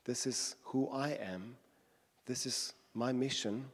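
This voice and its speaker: A preacher voicing a gentle, patient Jesus. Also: male voice, medium pitch, slow, big-room sound. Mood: gentle, reassuring. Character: patient gentle male Jesus, calm and inviting.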